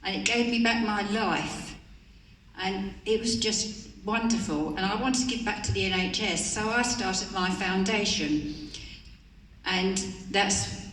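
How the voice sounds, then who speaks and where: A woman's voice: medium pitch, recorded from a distance, slight background noise. An older woman giving an earnest, pleading personal speech to a conference audience. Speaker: conference speaker. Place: conference hall. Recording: roomy hall recorded from afar.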